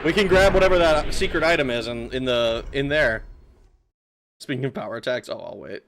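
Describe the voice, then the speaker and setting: A man's voice: medium pitch, fairly quick, fairly bright tone, a little hiss or hum. A man streaming a video game, chatting casually and joking with his viewers, laughing often. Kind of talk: casual gameplay commentary. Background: game music.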